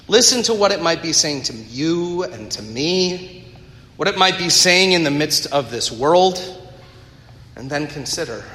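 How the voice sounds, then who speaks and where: In an echoey hall with long reverb, a male pastor gives a sermon, his voice on the high side with a fairly bright tone. He retells a story earnestly, breaking off for conversational asides to the congregation.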